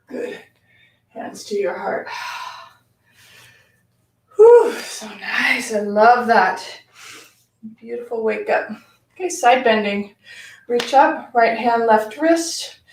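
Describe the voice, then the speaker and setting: A woman teaching a live-streamed yoga class, giving slow, calm cues between audible sighs and sounding a little out of breath as she demonstrates. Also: fairly high pitch. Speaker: yoga instructor. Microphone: camera mic at a distance. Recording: echoey room, voice from far off.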